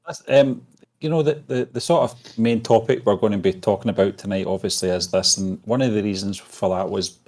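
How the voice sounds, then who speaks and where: Low-voiced man co-hosting, easygoing. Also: fairly quick, darkish tone. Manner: agreeable, hesitant with fillers. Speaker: co-host. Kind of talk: casual chat stream.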